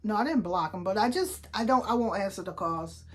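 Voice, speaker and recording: A woman's voice: mid-range voice, animated, a little fast, slightly rough. A woman in her sixties, a vlogger telling everyday stories in a chatty, upbeat way and acting out the voices of people she quotes. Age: 60s. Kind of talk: casual storytelling vlog.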